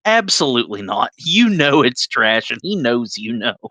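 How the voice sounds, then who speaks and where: A man's voice: medium pitch, big pitch swings, moderate pace, pushed and bright. A young man co-hosting a podcast, chatting casually in a blunt, sarcastic way. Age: young adult. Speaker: podcast co-host. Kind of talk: casual chat.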